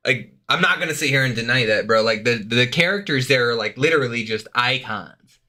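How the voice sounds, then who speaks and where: A man's voice: mid-range voice, a little fast, pushed and bright. A young man reacting to a video on a live stream, chatting casually with lots of swearing, fillers and laughter. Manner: loose, profane, laughs often, lots of fillers.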